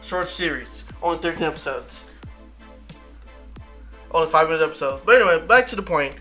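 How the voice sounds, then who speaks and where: A man hosts a casual chat interview. His voice sits high and bright, and he talks in rambling bursts, stopping, restarting and correcting himself as he goes. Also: animated, a little fast, faint music behind. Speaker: interview host.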